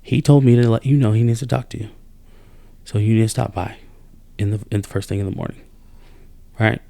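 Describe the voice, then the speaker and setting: A man in a casual podcast chat, venting with exasperation and rising to high incredulous outbursts. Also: a little fast, gravelly, dry recording. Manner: animated and exasperated, voice jumps up when incredulous. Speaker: podcast co-host.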